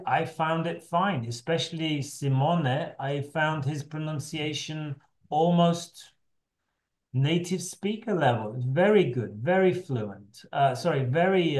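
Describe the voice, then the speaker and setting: A middle-aged man with a fairly high, slightly mellow voice leads an online teacher training session over a video call. He talks loosely and restarts often, and the room sounds echoey.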